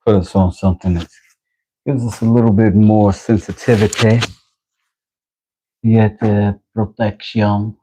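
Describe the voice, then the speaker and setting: A man's voice: fairly low pitch, flat delivery, a little slow, pauses often, dark tone, slight background noise, low-quality recording. A man chatting casually to himself while working in his home workshop, making a knife for a vlog.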